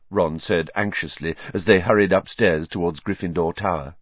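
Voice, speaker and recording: A man reading a novel aloud as an expressive audiobook narrator. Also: low-pitched, moderate pace, no room sound, lo-fi sound. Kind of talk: scripted narration.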